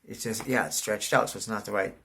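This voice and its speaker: A middle-aged man telling a rambling, profane story, saying "dude" constantly and jumping up loud when excited. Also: lowish voice, a little fast, creaky, breathy edge. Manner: animated, voice jumps up in excitement. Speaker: vlogger. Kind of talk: casual storytelling monologue.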